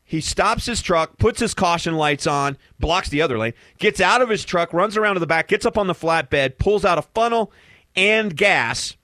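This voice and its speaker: A man's voice: on the high side, animated, normal speed, few pauses, sharp tone, no echo. A man hosting a talk radio show, chatting casually with rambling fillers and restarts into a studio microphone.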